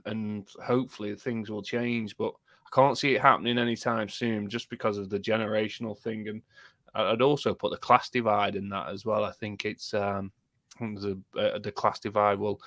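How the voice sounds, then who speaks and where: A man co-hosting a casual podcast, an animated storyteller who swears freely. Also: fairly low pitch, dry recording, studio quality. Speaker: podcast co-host. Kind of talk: casual chat.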